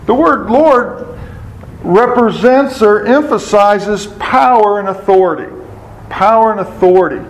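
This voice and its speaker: A man's voice: high-pitched, low-quality recording. A man giving a sermon as a Bible teacher, asking his listeners questions, answering them himself and repeating key words for emphasis.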